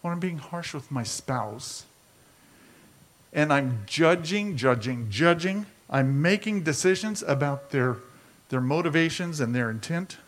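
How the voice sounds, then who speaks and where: A man's voice: on the high side, animated, unhurried. A man preaching a sermon as a pastor, talking conversationally and asking his listeners rhetorical questions.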